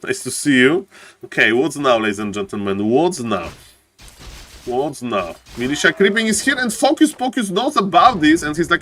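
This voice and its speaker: Guy casting a strategy game live, hyped, keeps saying ladies and gentlemen, bit high voiced. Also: moderate pace, a little hiss or hum. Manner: excitable, repeats phrases, often says "ladies and gentlemen". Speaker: esports caster.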